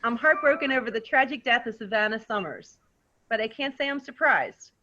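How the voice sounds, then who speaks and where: A catty, smug big-cat conservationist, as a woman plays her, giggling and mock-innocent. The voice is high and bright. The audio comes through a dull video call. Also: a little fast, a little hiss or hum. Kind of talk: reading a murder-mystery party script.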